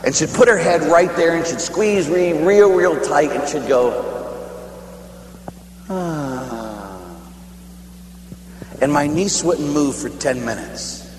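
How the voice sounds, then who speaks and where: A man preaching a storytelling sermon, animated and quick to laugh, acting out every voice in his tales. His voice sits a little high for a man and rings through a long, echoey hall with a faint hum behind it. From Pittsburgh. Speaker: priest.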